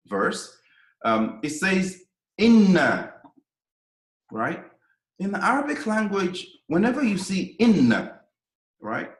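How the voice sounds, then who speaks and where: Man, Arabic lesson lecture, animated pitch, echoey room, keeps asking "right?". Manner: explanatory, frequent "right?" check-ins, emphatic. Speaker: Quranic Arabic teacher.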